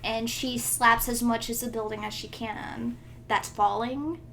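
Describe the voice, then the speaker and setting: A woman's voice: a little high, steady tone, measured pace, pushed and bright, slight background noise. A young woman co-hosting a podcast, animatedly retelling a fanfic with frequent laughter. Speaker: podcast co-host. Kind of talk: casual chat, retelling a fanfic.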